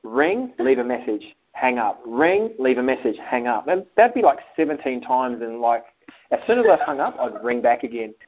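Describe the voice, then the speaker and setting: In a casual interview, a male guest with a mid-range voice and moderate pace tells a personal story. He's animated, acting out phone calls and what people said, and the recording sounds dull and lo-fi.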